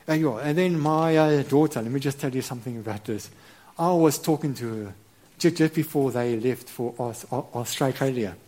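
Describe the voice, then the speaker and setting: Male preacher, middle-aged, stammers and restarts, earnest, mellow warm voice, mid pitch. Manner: halting, many repeated words and restarts; earnest and reverent. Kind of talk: sermon.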